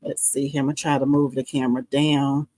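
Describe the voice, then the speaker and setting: A woman's voice: very deep voice, little pitch movement, brisk, dark tone, rough recording. A middle-aged woman hosting a casual live embroidery demo, chatting with viewers and laughing often. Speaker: embroidery livestream host.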